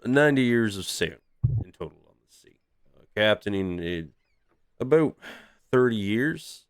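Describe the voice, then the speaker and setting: A man's voice: on the low side, expressive, normal speed, smooth, no room sound, pitched above the performer's own voice. A man voicing a polite, humble half-elven sea captain who hesitates and apologizes a lot. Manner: hesitant, apologetic, full of uhs.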